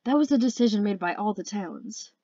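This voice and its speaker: A nervous male sea dragon, hunted and guilty, who answers in a faltering, defensive way, as a woman reads him aloud. His voice sits at an ordinary middle pitch and sounds a little dull and close, with no room around it. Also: animated, fairly quick, dark tone, no echo.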